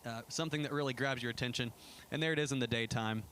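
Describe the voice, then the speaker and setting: An enthusiastic man shares trip photos with a church congregation in a casual, rambling way, full of fillers and restarts. His voice sits at an ordinary middle pitch. A faint hiss of noise runs under the recording. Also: fast, a bit bright. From United States. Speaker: pastor. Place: church sanctuary.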